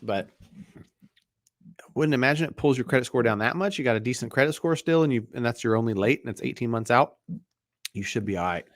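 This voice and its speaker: A man hosting a live mortgage Q&A stream, talking in a relaxed, chatty way with lots of fillers and restarts, sounding tired. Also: mid-range voice, brisk, long pauses, no room sound, studio quality. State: tired, yawning.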